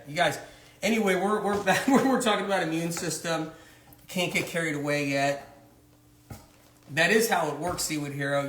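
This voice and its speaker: A man's voice: on the high side, fairly bright tone. A man hosting a live social media talk, speaking in rambling, conspiratorial asides. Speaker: host. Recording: roomy echo.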